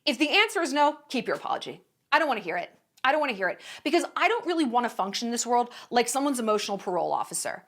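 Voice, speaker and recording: A woman with a high voice that swoops widely up and down delivers casual opinion commentary. She is blunt and emphatic and swears freely. Her tone is sarcastic and indignant. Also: sing-song, fast talker, a bit bright. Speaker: commentary vlogger.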